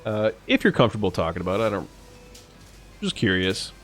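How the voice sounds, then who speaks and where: Young male streamer, lively swinging pitch, casual and profane. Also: brisk, soft background music. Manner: animated, swearing, laughing at his own jokes. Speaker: live streamer. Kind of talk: casual chat with viewers.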